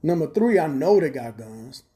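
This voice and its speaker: Profane man with a mellow voice. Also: a little high, sing-song, normal speed. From Chicago. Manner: profane, blunt and streetwise. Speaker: livestream host. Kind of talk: rambling livestream monologue. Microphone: phone camera.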